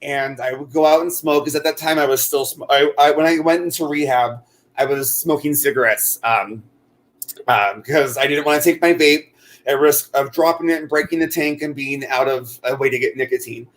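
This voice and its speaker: A man's voice: on the high side, normal speed. A man co-hosting a casual chat while crocheting, rambling with many fillers and restarts. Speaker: co-host.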